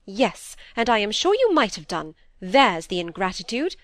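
A woman's voice: mid-range voice, big pitch swings, normal speed, fairly bright tone, dry recording. A woman reading the part of a vain, fretful middle-aged stepmother who speaks querulously. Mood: peevish. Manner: querulous, peevish.

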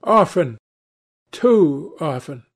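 A man reading aloud and voicing a charming, pleasure-seeking young gentleman with a gallant manner. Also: on the high side, expressive, extremely slow, pitched above the performer's own voice, exaggerated voice.

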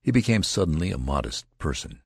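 A man reading a classic novel aloud as an audiobook narrator, in measured, even storytelling. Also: rumbling low, husky, dry recording, studio quality.

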